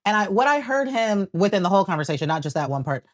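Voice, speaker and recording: A woman co-hosting a casual reality TV recap, talking in a measured way and quoting the people she discusses. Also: medium pitch, big pitch swings. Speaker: co-host.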